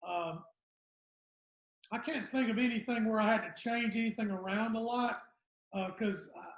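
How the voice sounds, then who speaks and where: An older man in his 60s from the Southern United States, with a gravelly, high voice, tells rambling stories at a moderate pace and trails off. He's a guest comedian in casual podcast chat, recorded in an echoey room.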